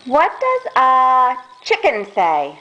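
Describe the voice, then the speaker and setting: Woman, baby talk to a toddler, lively swooping voice, high. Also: highs cut off. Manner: sing-song, drawn-out questions. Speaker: mother.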